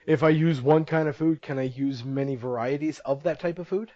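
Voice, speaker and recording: A man's voice: fairly high pitch, fairly quick, dark tone, dry recording. A young man co-hosting a podcast in casual chat, teasing his friend and laughing often. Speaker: podcast co-host. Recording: dull lo-fi podcast audio.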